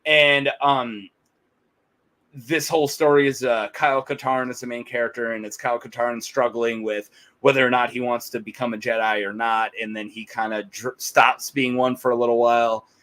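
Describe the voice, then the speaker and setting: A man's voice: mid-range voice, level tone, normal speed, a bit bright, poor audio. A man co-hosting a podcast, chatting casually, rambling with frequent laughter. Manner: rambling, laughs often, quotes characters in playful voices. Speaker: podcast co-host. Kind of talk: casual chat.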